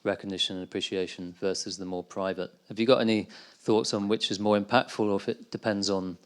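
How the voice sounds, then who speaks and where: Male conference host, lowish voice, thoughtful and halting. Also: fairly even intonation, clean tone. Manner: hesitant, with many fillers and restarts. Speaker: conference host asking a question. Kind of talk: casual conference Q&A.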